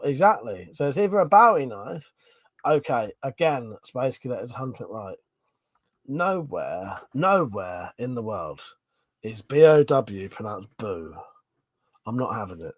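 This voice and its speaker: A man's voice: mid-range voice, lively intonation, normal speed, dry recording. A man hosting a casual live-stream chat, a bit drunk, swearing freely and laughing often. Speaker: livestream host.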